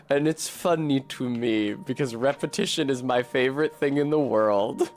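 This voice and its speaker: A man's voice: medium pitch, unhurried, pauses often. A man giving casual, wry commentary as he streams a video game, swearing freely and chatting with his viewers. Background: game music.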